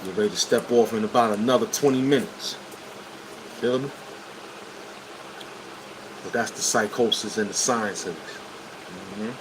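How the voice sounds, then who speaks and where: A man's voice: on the low side, moderate pace, pauses often. A man from Brooklyn with a New York accent, telling stories to viewers on a livestream in blunt street slang. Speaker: livestream host. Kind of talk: casual livestream storytelling. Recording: air conditioner hum behind voice. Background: air conditioning hum.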